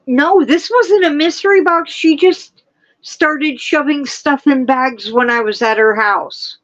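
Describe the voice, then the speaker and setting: A woman hosting a casual livestream, chatting and gushing with excitement. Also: sits high, slow pace, highs cut off. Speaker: livestream host. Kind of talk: casual chat.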